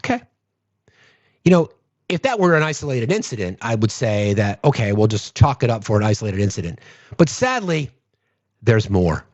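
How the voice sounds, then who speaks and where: A man's voice: on the low side, big pitch swings, moderate pace, pauses often, no room sound, muffled recording. A man hosting political commentary from home, sarcastic and profane. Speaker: host.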